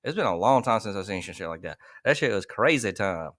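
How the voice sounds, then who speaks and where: A man's voice: fairly low pitch, expressive, a little fast, fairly bright tone, dry recording. A man hosting a podcast, rambling and swearing in crude casual chat. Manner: profane, rambling, laughs a lot. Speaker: podcast host.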